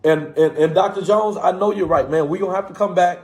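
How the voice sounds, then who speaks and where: A man's voice: sits high, brisk. A man, a pastor, talking passionately to his live-stream viewers, repeatedly calling out to his listeners.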